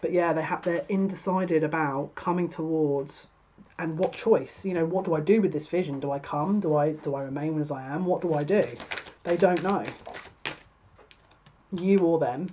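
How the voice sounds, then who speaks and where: A fairly low-voiced woman talks through a tarot reading in a chatty, exasperated way, often laughing at her own asides. The audio is a little dull and lo-fi. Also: normal speed, dark tone, slight background noise. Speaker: tarot reader.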